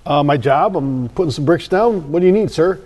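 A startled bricklayer guy, gruff and caught off guard, whose voice sits well above the teller's usual pitch. A man puts him on as he retells a story. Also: animated, a little fast, darkish tone. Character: flustered distracted male bricklayer, gruff.

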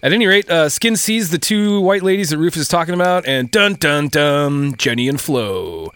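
A man's voice: a little high, expressive, normal speed, fairly bright tone, clean tone, dry recording. Profane man recapping a book. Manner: reads book quotes aloud, profane, laughs often. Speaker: podcast co-host summarizing a book. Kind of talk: casual crude chat.

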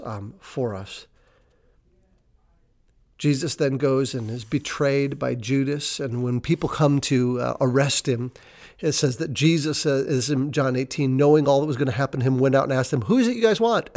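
A man preaching an informal sermon, retelling scripture in a casual, riffing way and slowing down to stress key words. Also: medium pitch, darkish tone. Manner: conversational, unscripted, slows down for emphasis. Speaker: pastor.

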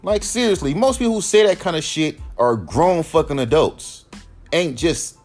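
A man's voice: normal speed, faint music behind. A man in his thirties hosting a podcast, ranting with heavy profanity and mocking critics. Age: 30s. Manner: profane, animated, mocks critics in high sneering voices. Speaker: podcast host. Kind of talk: ranting monologue.

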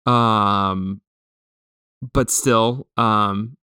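A man's voice: fairly low pitch, steady tone, very slow, pushed and bright, smooth, dry recording, studio quality. A man co-hosting a podcast, chatting casually with a rambling, hesitant manner. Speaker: podcast co-host.

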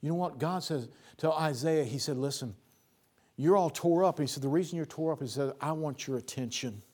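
A preacher man delivering a sermon, his voice sitting a little high for a man. He speaks in plain, folksy phrases and repeats words for emphasis. He climbs to loud, emphatic bursts, then sinks to quiet, low lines. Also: a little fast.

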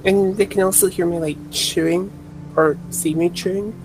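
A woman's voice: fairly low pitch, steady tone, moderate pace, music in the background, poor audio. A woman playing a tabletop game, cheerful and offhand in casual chat. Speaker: player.

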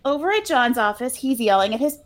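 A woman with a slightly high voice chats through a movie plot in a casual podcast. She tells it scene by scene with easy laughs and brief mock voices for the characters' lines. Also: lively intonation, a little fast. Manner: chatty storyteller, laughs often, quotes scenes with mock voices. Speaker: podcast co-host recapping a movie. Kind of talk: casual chat.

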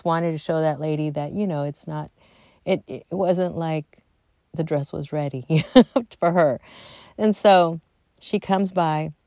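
A middle-aged woman with a lowish, gravelly voice tells a family story in a relaxed, chatty way. She slips into the voices of the people she quotes and drops to soft asides. The recording is dry and close. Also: no echo. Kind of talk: casual personal storytelling.

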